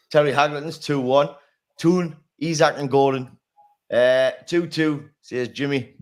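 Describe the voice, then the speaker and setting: A man's voice: mid-range voice, steady tone, takes it slowly. A man hosting a casual football chat, laughing often and swearing freely as he reads out predictions. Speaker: podcast host.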